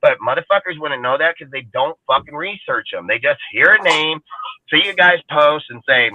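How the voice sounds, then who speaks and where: A man's voice: a little high, lively intonation, moderate pace, a little hiss or hum. A man co-hosting a sports fan podcast, ranting in a heated, profane, casual way. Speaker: podcast co-host. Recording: tinny phone-like sound, dry.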